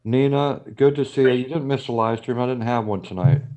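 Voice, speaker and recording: A man's voice: mid-range voice, brisk, darkish tone, poor audio. A man chatting as a guest on a live stream panel, teasing the host and sleepy late at night over a video call. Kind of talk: casual live stream chat.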